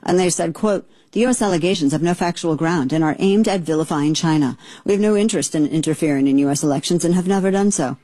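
Indignant woman host, lowish voice, dry close sound, exasperated rambling commentary. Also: quick pace, hardly any pauses, dark tone, no room sound. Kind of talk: opinionated commentary.

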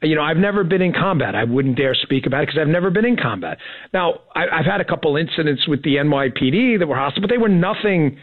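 Excited man on a tinny phone line. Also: fairly high pitch, quick pace, no room sound. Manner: excited, rambling with many restarts. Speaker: former Secret Service agent guest. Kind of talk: casual interview on radio.

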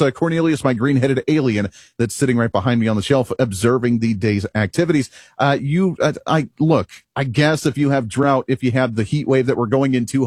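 A man's voice: mid-range voice, slightly rough, dry recording, studio quality. A male radio talk show host delivering an opinionated monologue, emphatic and rhetorical, chuckling at himself now and then.

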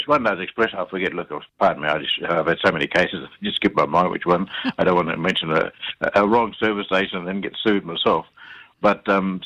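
Low husky Australian man, halting speech. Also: a bit bright, dull audio. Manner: halting, repeats words, many fillers. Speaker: interview guest. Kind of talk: conversational storytelling.

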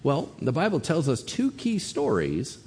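A man's voice: medium pitch, a little slow, big-room sound, a little hiss or hum. A man preaching a sermon as pastor, telling stories animatedly and acting out the lines people said. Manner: animated storytelling, acting out quotes.

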